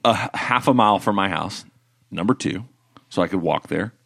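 A man's voice: low voice, moderate pace, vocal fry. A young man co-hosting a casual podcast, telling stories and trading playful banter. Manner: animated storyteller, playful banter. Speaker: podcast co-host.

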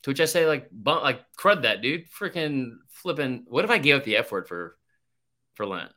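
Young man, podcast co-host, bright tense voice, swears often, rambling storyteller. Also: mid-range voice, very animated, normal speed. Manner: rambling, swears a lot, tells stories with quoted voices. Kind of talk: casual sports podcast chat.

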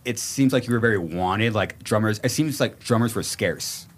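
A man's voice: fairly low pitch, normal speed. A man hosting a casual podcast interview, often stammering and repeating words as he asks questions. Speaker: podcast host.

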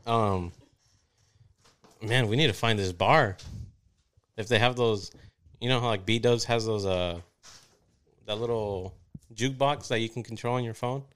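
Brief: male podcast host, slightly low voice, easygoing banter, curses casually. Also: unhurried, pauses often, fairly bright tone, clean tone. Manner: laid-back, swears freely, jokey.

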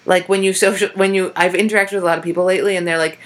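Chatty low-voiced young woman comedian. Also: level tone, rapid-fire. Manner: chatty, rambling, swears casually, acts out quotes. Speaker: podcast co-host and comedian. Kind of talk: casual chat.

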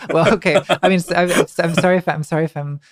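A woman's voice: lowish voice, steady tone, fairly quick, no echo, studio quality. A woman guest talking reflectively, hesitant with many restarts and fillers, and now and then laughing wryly at herself. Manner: wry, laughs lightly at herself. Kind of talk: reflective conversation.

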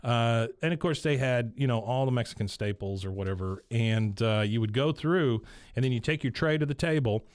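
A man's voice: mid-range voice, moderate pace, no room sound. A man, casually recapping a TV episode with many fillers and asides. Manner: rambling retelling with many fillers and laughs. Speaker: podcast host recapping an episode. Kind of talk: casual chat.

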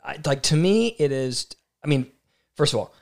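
A man co-hosting a relationship podcast, talking in a blunt, opinionated, animated way. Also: on the high side, normal speed, creaky. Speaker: podcast co-host. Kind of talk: casual chat.

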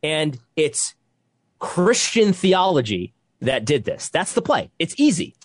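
Young man, husky voice, lively swooping pitch, emphatic heated podcast talk, dry close sound. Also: takes it slowly, no room sound. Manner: emphatic, repetitive, restarts when worked up. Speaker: podcast co-host. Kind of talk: heated conversational commentary.

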